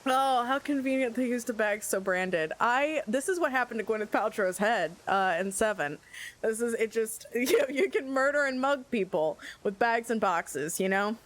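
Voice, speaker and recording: American woman streamer, high bright voice, laughs and swears nonstop while gaming. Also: normal speed. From United States. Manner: laughs constantly, animated, swears. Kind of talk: live gameplay commentary.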